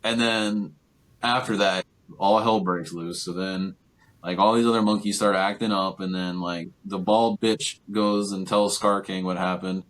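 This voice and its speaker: Deep-voiced young man rambling through a recap. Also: fairly even intonation, a little slow, fairly bright tone. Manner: rambling, filler-heavy retelling with lots of "like" and "um". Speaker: podcast co-host. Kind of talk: casual movie recap chat.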